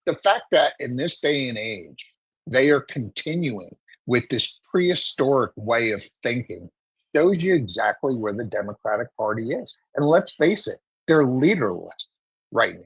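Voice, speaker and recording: A man giving political commentary as a guest, emphatic and opinionated, talking in steady runs. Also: mid-range voice, unhurried, slightly rough, no echo, highs cut off. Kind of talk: political talk show commentary.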